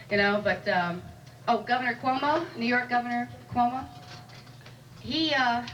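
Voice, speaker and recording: A woman doing a stand-up comedy set in a club, chatty and wry, teasing the audience. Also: medium pitch. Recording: live room recording from a distant mic with audible noise.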